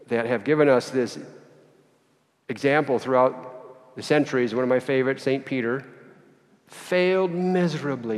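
A man giving a sermon, telling a story with acted dialogue in an animated way. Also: medium pitch. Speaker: priest. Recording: long reverb of a church hall.

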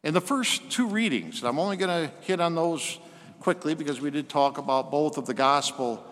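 A man preaching a sermon, slowing and softening his voice when he quotes scripture. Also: a little high, long reverb tail.

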